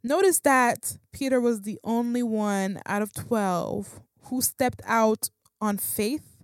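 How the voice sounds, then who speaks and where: A woman's voice: on the high side, animated, unhurried, dry recording, studio quality. A woman giving a casual, conversational Bible talk, slangy and full of fillers and restarts. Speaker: Bible teacher.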